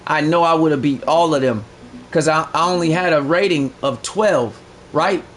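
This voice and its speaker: High-voiced man bragging on a live stream. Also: moderate pace, slight background noise. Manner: boastful, profane, slangy, gets loud and excited. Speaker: livestreamer. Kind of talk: casual live-stream chat.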